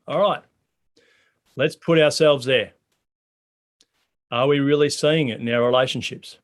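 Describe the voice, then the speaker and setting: A man's voice: medium pitch, a little slow. A man preaching a sermon in a conversational way, asking the congregation many questions. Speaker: pastor.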